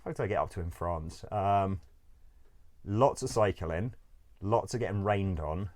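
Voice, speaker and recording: A man with a very low, deep voice tells stories in a loose, rambling way. He leans on "like" constantly, swears without a second thought and breaks into laughter as he goes. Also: a little slow, a little mellow. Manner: rambling, full of "like", swears freely, laughs often. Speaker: interview guest. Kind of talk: casual storytelling.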